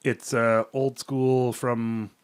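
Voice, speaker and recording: In a casual podcast chat, a male co-host rambles through made-up stories packed with ums and uhs. His mid-range voice is clear and resonant, delivered flatly and very slowly.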